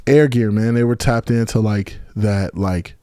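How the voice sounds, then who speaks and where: A man's voice: lowish voice, measured pace, warm tone, clean tone, no echo, clean studio sound. A man being interviewed on a podcast, talking in a laid-back, slangy way with lots of swearing and fillers. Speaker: podcast guest, beatmaker. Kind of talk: casual chat.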